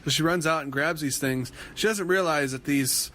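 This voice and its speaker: A man co-hosting a podcast, rambling through a lively recap of a reality show and now and then mimicking the people in it. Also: on the high side, moderate pace. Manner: animated retelling, mimics quoted people; rambling with frequent restarts. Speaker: podcast co-host.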